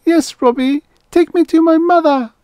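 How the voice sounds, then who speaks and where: A man's voice: very high voice, moderate pace, darkish tone, no echo, pitched above the performer's own voice. A man voicing a frightened little girl who pleads tearfully for help. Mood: pleading.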